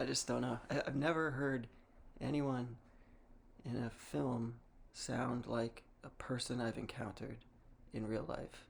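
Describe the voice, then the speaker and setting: A man's voice: mid-range voice, vocal fry, slight background noise. A young man from Massachusetts, talking to camera in a rambling, wry way, with restarts and small laughs. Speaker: vlogger. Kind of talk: casual monologue.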